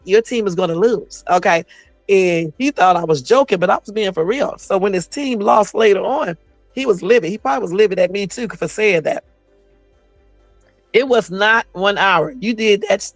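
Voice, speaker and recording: A woman's voice: medium pitch, dry recording. A woman hosting a casual livestream on her phone, telling stories in a blunt, sassy, profane way. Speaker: YouTube livestream host.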